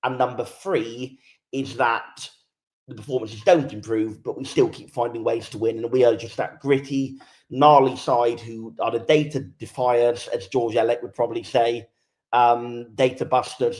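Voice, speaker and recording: A man's voice: mid-range voice, steady tone, normal speed, a little mellow. A man on a fan podcast, giving candid football analysis and laying out his points in order. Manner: candid, structured argument. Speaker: podcast pundit. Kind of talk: casual football discussion.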